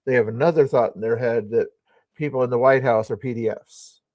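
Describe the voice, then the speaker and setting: A man's voice: mid-range voice, fairly quick, no room sound, muffled recording. A man hosting a live news commentary stream, speaking in a sarcastic, scoffing way.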